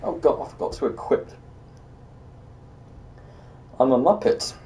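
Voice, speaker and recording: A man's voice: medium pitch, expressive, fast talker, warm tone, distant mic, slight background noise. Sardonic British man streaming a game. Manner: sardonic, muttering to himself, bursts of exasperated ranting. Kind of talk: casual gameplay commentary.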